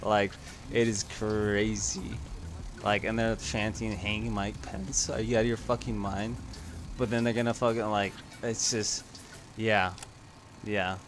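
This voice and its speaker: A man's voice: on the low side, flat delivery, measured pace, slight background noise. A man streaming a game, ranting casually to his chat in a heated, profane way and chuckling between sentences.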